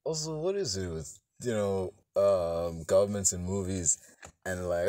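A man in a loose, profane film review, his voice leaping from loud outbursts down to muttered asides. He slips into quick exaggerated bits as he mocks the characters. The sound is close and dry. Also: no echo. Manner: animated and profane, swinging between loud outbursts and low mutters. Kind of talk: casual spoken film review.

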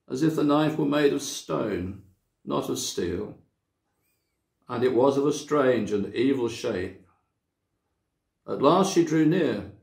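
A man from a church reading a children's story aloud, with measured, dramatic storytelling. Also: medium pitch, creaky, a little mellow. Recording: echoey room.

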